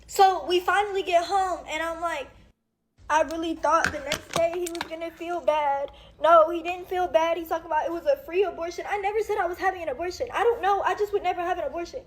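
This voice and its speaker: A woman's voice: very high voice, brisk. A young woman in her twenties giving a tearful, rambling and blunt account of her own experience. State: crying. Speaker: celebrity venting on social media. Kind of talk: emotional personal account.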